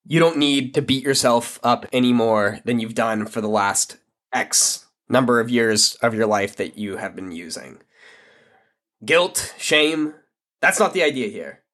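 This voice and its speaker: A man's voice: medium pitch, measured pace, a bit bright. A man hosting his own podcast, talking casually and candidly in a blunt, frank way that is laced with swearing. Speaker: podcast host. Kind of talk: casual solo podcast monologue.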